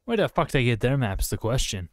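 A man's voice: medium pitch, big pitch swings, a little fast. A male streamer giving casual gameplay commentary, joking and swearing while talking to his chat. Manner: joking and profane, talks to chat.

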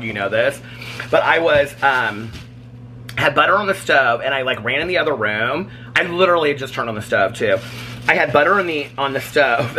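A man vlogging in his home kitchen, chatting in a rambling, animated way and laughing often. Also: mid-range voice, slight background noise. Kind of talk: casual chat.

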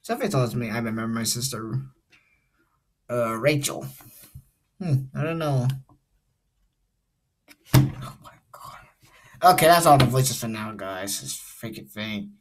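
A man's voice: mid-range voice, animated, normal speed, slight background noise. A young man hosting a casual vlog, rambling and hesitant with many restarts. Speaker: channel host.

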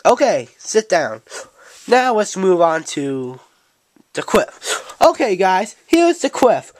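A woman's voice: medium pitch, big pitch swings, takes it slowly, darkish tone, no echo. A woman voicing a brash, impatient cat who hosts a talk show, bossing the guests around in a playful home-made show. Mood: brisk. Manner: bossy, impatient, sarcastic. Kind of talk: playful toy-show role-play. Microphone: handheld camcorder mic.

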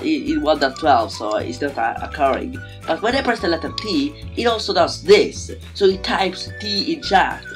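A man chats his way through a game map tour in a loose, rambling, excitable way. His voice carries the roughness of someone a little sick and just out of bed. Music plays clearly under him. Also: a little high. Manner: rambling, excitable, self-deprecating. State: slightly sick, just woke up. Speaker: Minecraft map-making YouTuber. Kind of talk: casual gameplay commentary.

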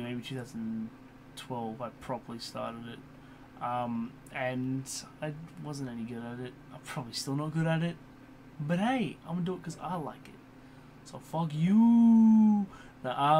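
A young man talks in a loose, rambling way, full of fillers, restarts and casual swearing. His voice sits at an ordinary middle pitch. A computer fan hums faintly behind him. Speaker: YouTuber. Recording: computer fan hum in background.

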